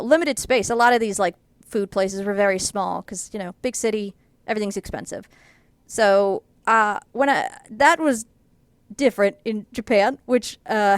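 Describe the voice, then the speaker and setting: Chatty woman with a smooth voice. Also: medium pitch, no room sound. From United States. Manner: chatty, rambling with many fillers, laughs through the telling. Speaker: artist vlogger. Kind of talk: casual storytelling.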